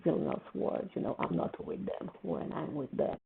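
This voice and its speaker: A woman hosting a casual TV reaction video, talking emotionally and repeating herself when upset. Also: normal speed. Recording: tinny phone-like sound with faint noise.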